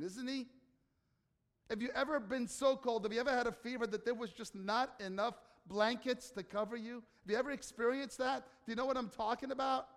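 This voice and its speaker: A man preaching a sermon as pastor, emphatic, asking the listeners rhetorical questions and swinging from soft, slow passages to loud declarations. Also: very high voice, in a large hall.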